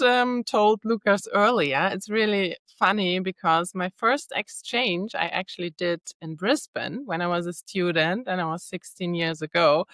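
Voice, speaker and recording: A woman's voice: lowish voice, fairly bright tone, dry recording, clean studio sound. A middle-aged woman with a German accent, a native German speaker, hosting a casual podcast interview in English, eager and saying "really" a lot. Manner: eager, repeats "really" often. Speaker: podcast host.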